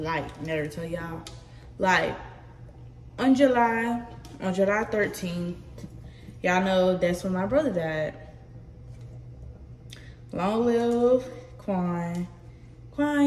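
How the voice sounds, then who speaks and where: Slow-talking young woman in echoey room. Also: on the low side, darkish tone, slight background noise. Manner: slow, halting, filler-heavy talk. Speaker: vlogger. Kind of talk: casual storytelling to viewers. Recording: echoey room from a distance, running water.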